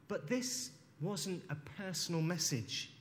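Guy preaching slow and thoughtful, voice a bit high, lots of hall echo. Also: a little hiss or hum. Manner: slow, reflective, reading scripture aloud. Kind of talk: sermon. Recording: long hall reverb.

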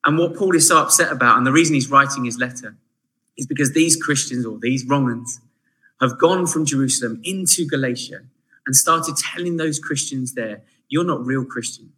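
A man preaching a sermon in a chatty, animated way, often turning to the listeners with asides. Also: mid-range voice, moderate pace, low-quality recording.

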